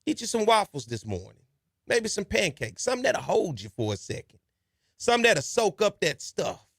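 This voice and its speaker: A man with a fairly high voice that swoops animatedly up and down, talking casually to his listeners. He repeats his advice in a folksy, urging way and drifts into storytelling. The sound is close and dry, with no room around it. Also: very animated, normal speed, no echo. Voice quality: colloquial, folksy and exhortative, repeats advice for emphasis. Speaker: podcast host.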